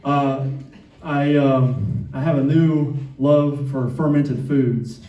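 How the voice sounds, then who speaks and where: A man's voice: medium pitch, steady tone, slow, dark tone. A man in his fifties from Atlanta with a Southern accent, doing a self-deprecating, rambling stand-up set. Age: 50s. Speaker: stand-up comedian. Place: club stage with live audience. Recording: echoey room, distant mic, crowd laughter.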